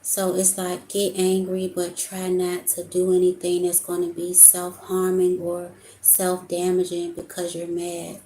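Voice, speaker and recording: A woman's voice: on the low side, completely flat delivery, a little slow, hardly any pauses, dark tone, a little hiss or hum. A young adult woman giving an emotional, casual tarot reading, talking to her viewers as y'all. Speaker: tarot reader. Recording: echoey room with faint ambience.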